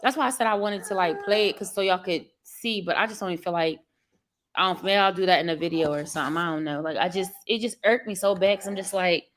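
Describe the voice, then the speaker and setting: Lady vlogging live, chatty and venting, keeps saying y'all, bright sharp voice. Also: fairly low pitch, quick pace. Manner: candid, venting, many fillers, addresses viewers as y'all. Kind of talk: casual chat with live viewers.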